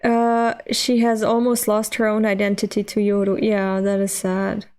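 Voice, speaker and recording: A woman reading a manga aloud and reacting with expressive, animated commentary that jumps high when she is moved. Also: moderate pace. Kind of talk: emotional read-along reaction.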